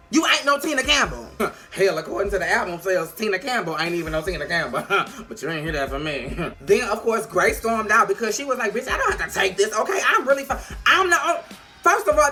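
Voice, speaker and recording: A woman giving a casual video review of a TV episode, sassy, animated and full of profanity. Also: a little high. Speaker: TV show reviewer.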